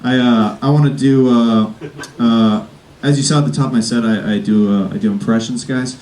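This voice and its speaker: A male comedian warming up a live crowd with a rambling stand-up set, full of fillers and self-aware jokes. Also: medium pitch, steady tone, moderate pace, recorded from a distance, slight background noise. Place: comedy club stage before a live audience. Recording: roomy live club sound from off-mic.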